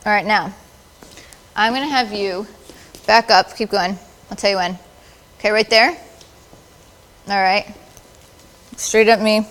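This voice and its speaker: A woman's voice: mid-range voice, fairly even intonation, a little slow, long pauses, fairly bright tone, in a large hall. A woman photographer directing models at a live shoot, with playful, encouraging directions. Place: large studio with audience.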